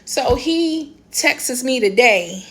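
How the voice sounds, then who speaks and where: A woman from D.C., a vlogger, tells a story in a casual, ranting way. She speaks slowly but with animated emphasis, her voice jumping high when she's exasperated. Her talk is blunt and slangy, and she keeps repeating "this, that, and the third."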